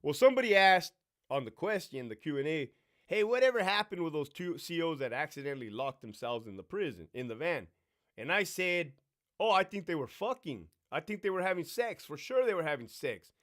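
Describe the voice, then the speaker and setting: Middle-aged male streamer, brash and foul-mouthed, lively voice that swoops up and down, slightly high. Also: fairly quick. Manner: brash, swearing, animated storyteller mimicking others. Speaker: livestream host. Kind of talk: profane live Q&A storytelling.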